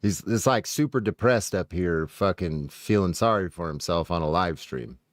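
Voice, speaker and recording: A man's voice: sits low, animated, normal speed, no echo, clean studio sound. A man streaming a profane, blunt reaction commentary, mocking what he hears and swearing freely. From United States.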